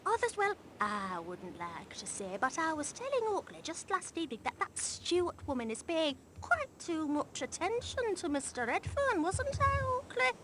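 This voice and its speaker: A woman's voice: very high-pitched, sing-song, normal speed, few pauses, fairly bright tone, slight background noise, full character voice. An actress voicing a chatty, gossiping middle-aged wife on holiday with a northern English accent, forever turning to her husband for agreement. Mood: gossipy. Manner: gushing, keeps prompting her husband. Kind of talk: video game voice acting.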